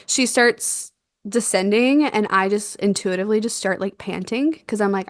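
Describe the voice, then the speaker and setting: A young woman telling a birth story in a casual chat, animated and quick to laugh, acting out what was said. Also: mid-range voice, no room sound. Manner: animated, laughs often, acts out quotes. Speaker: guest, doula.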